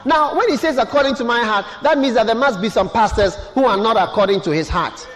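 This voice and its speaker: A man's voice: extremely high pitch, fast, fairly bright tone. A man preaching a sermon as pastor, putting questions to the congregation and repeating key words. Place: church hall. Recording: long echo of a large hall.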